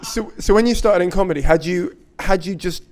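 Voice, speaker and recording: A man hosting a podcast, asking short questions and giving quick replies. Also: high-pitched, a crowd in the background. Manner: short prompts and back-channel replies. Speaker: podcast host. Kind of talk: casual interview.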